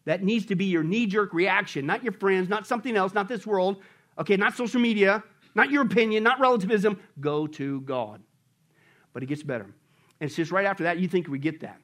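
Male preacher, high-pitched, animated, quizzes his congregation mid-sermon. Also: brisk. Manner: animated, asks the congregation rhetorical questions. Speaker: pastor.

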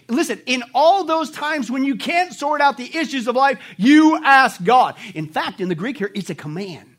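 A man preaching a sermon, animated, asking the congregation rhetorical questions and acting out quick mock voices. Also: very high voice. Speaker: pastor.

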